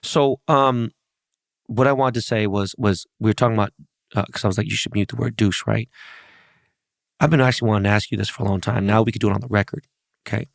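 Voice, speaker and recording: A man hosting a podcast in casual chat, blunt and profane, teasing his guest with quick-fire questions. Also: lowish voice, fairly even intonation, gravelly, no echo, clean studio sound. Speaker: podcast host.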